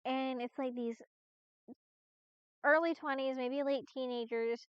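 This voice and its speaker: Woman streamer rambling on, kinda high voice, dry dull lo-fi stream audio. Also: steady tone, measured pace, clean tone, no room sound. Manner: rambling, many restarts and fillers, casual swearing. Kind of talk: casual live-stream chat.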